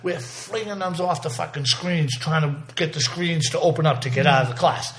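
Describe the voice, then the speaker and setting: A man's voice: on the high side, normal speed. A man, speaking in a slightly raised register. He recounts a story in a casual interview, profane and rambling, often breaking off and restarting his sentences. The delivery is loose and conversational. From South Boston. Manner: profane, rambling, vivid retelling with many restarts. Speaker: interview guest.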